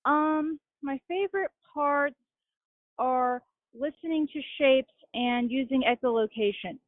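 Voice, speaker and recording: A young adult woman answering interview questions in a measured, matter-of-fact way over a phone call. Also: high voice, no echo. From Utah. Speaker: guest. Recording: tinny phone line.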